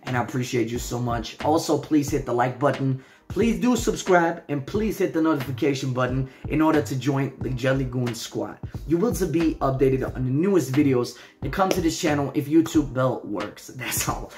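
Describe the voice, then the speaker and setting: A man's voice: mid-range voice, moderate pace, a little mellow. A man from Denmark with an American-sounding accent, hosting his own channel and chatting casually as he reads viewer comments, earnest and affectionate, often falling back on "so, yeah". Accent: American-sounding English. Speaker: channel host.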